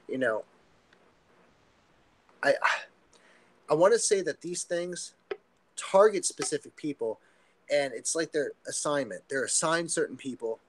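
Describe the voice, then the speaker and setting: A man with a mid-pitched voice talks casually as a podcast guest. He tells a story in an earnest, rambling way, often stopping and restarting with fillers. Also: rough recording.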